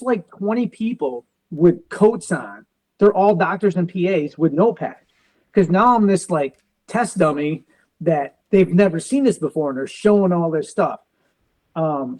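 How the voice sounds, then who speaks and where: Guest, male, 40s, veteran and police officer, slightly high voice, storyteller who acts out both sides of conversations. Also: poor audio. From United States. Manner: quotes others in quick back-and-forth, uses car comparisons. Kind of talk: animated personal storytelling.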